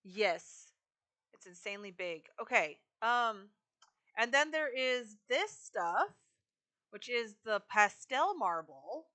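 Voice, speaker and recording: Bright-voiced woman chatting on a game stream. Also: fairly high pitch, big pitch swings, slow. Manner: chatty, talks to chat while decorating. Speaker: live streamer. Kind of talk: casual game-stream chat.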